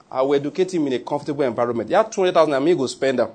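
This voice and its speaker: A Nigerian man preaching in a loose, joking way, slipping into Pidgin now and then. His voice sits a little high for a man and has a husky, breathy grain. It sounds like a pastor talking straight to his congregation. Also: very fast, hardly any pauses, a little mellow. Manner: humorous, conversational preaching with Pidgin asides. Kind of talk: sermon.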